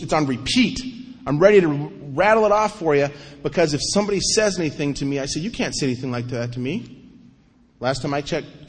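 A middle-aged man tells his recovery story with a self-mocking humor, acting out the people he quotes. His voice sits a little higher than most men's. The sound carries the long reverb of a large hall. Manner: animated storyteller, acts out quotes, self-mocking, repeats himself. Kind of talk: recovery meeting talk.

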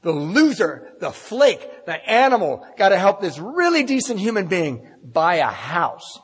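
Brief: man with a husky, slightly high voice, wry and candid live storyteller, long hall reverb. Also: very animated, unhurried. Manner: candid, self-deprecating, wry.

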